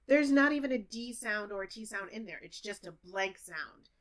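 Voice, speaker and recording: A woman's voice: on the high side, measured pace, hardly any pauses. A woman English teacher giving a close-up pronunciation lesson to camera, playfully repeating words to model their sounds.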